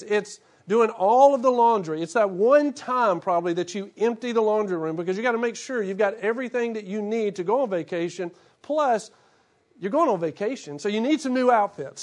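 A middle-aged man preaching a casual, humorous sermon, acting out little asides. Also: high-pitched. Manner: humorous, animated storytelling with acted-out asides. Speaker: pastor. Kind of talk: conversational sermon.

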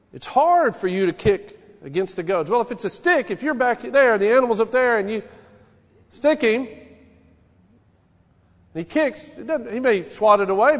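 A man in his forties preaching a sermon, telling stories with an animated, folksy manner. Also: very high-pitched. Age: 40s. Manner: storytelling, animated, folksy asides. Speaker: pastor. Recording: long hall reverb.

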